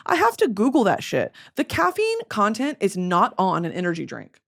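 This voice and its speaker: A woman's voice: medium pitch, wildly swooping pitch, moderate pace, gravelly, a bit bright. A young woman with a Southern US accent hosting a casual solo podcast chat, rambling and swearing through flustered outbursts. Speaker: podcast host.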